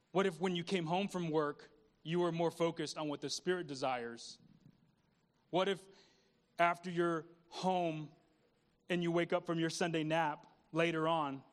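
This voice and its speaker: A man pastor preaching a conversational sermon, repeating words and asking the congregation questions. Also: a little high.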